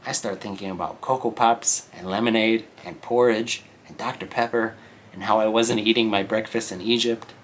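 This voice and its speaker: A low-voiced man reads a novel aloud for English learners and stops now and then to explain words. His delivery is slow and explanatory, with frequent check-ins. A faint hiss sits under the voice. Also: steady tone, a bit bright. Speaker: English teacher.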